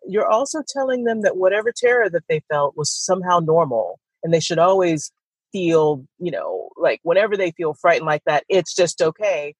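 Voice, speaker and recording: A woman's voice: on the low side, lively intonation, normal speed, husky, no room sound, rough recording. A woman co-hosting a podcast, talking thoughtfully in a loose, rambling way with restarts. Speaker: podcast co-host. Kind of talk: casual conversation.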